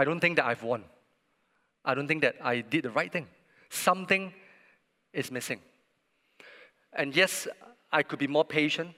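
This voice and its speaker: A man with a fairly high, bright, forceful voice preaches a sermon in an earnest, storytelling way. He leans on emphatic pauses, and his words ring out with the long reverb of a large church hall.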